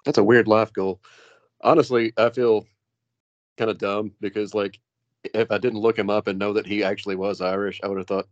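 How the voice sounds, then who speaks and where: Low flat guy on a podcast, muffled lo-fi mic, chill and sweary. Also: normal speed, no echo. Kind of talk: casual movie review chat.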